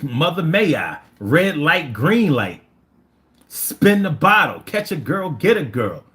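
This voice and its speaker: A man's voice: a little high, measured pace. A man in his fifties with a Philadelphia accent, hosting a casual livestream, reading chat and telling stories in profane, slangy talk. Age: 50s. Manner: animated, profane, slangy storytelling.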